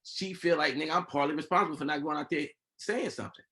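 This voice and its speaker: A man hosting a casual podcast chat, relating a personal story with animated energy. He jumps into the voices of the people he quotes. His voice sits a touch higher than most men's. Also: fast. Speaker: podcast host.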